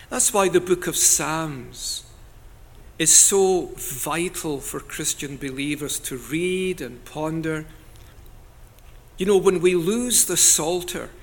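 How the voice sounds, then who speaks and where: A man preaching a sermon in an earnest, deliberate way, now and then rising to loud cries as he quotes scripture. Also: a little high.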